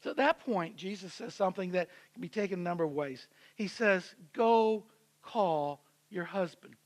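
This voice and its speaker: A male pastor delivers a sermon in a relaxed, conversational storytelling way, slipping in and out of the characters' voices. His voice is very high-pitched for a man. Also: brisk. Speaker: senior pastor. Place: church.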